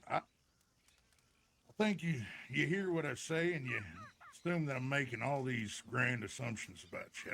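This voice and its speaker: A man voicing a weathered old Western ranch hand who talks in a slow, folksy, steady drawl. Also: mid-range voice, slight background noise. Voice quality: gravelly. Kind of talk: Western role-play.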